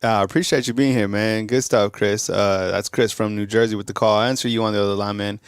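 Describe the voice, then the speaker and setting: Low raspy-ish host guy, chill sports talk, close and dry. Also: steady tone, fast talker, dry recording.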